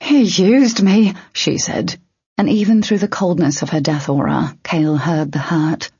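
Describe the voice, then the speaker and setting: A woman narrates a fantasy audiobook at a measured, even pace. Her voice is low and very breathy. The recording is dry and somewhat dull, like lo-fi home audio. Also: no echo. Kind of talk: scripted narration.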